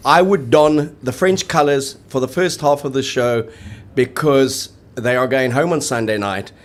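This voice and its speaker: A man co-hosting a rugby show, chatting in lively, jokey banter. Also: mid-range voice, unhurried. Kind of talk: casual sports chat.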